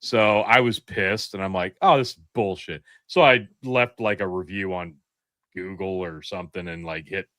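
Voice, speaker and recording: A man with a Midwestern accent chats on a podcast in a lower register, his tone bright and pushing forward. He tells animated stories with casual swearing. The sound is close and dry, with no room around it. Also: normal speed, no echo. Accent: Midwestern American. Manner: animated storyteller, swears freely. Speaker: podcast co-host. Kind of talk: casual chat.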